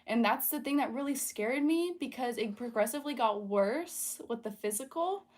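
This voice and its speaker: A young woman with a slightly high voice talks through a casual livestream. Her speech is chatty and earnest, full of fillers and restarts. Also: lively intonation, moderate pace. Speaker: livestream host. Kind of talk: casual livestream chat while painting.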